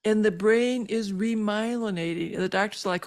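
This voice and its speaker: An older woman, a physician, telling her personal story as a podcast guest, earnest and halting with many fillers and moved as she relives it. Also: medium pitch, darkish tone. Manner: emotional when reliving moments.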